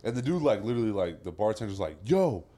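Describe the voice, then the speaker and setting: Rambling man with lively pitch. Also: very fast. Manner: rambling, searching for words, lively intonation. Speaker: podcast co-host. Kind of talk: casual chat.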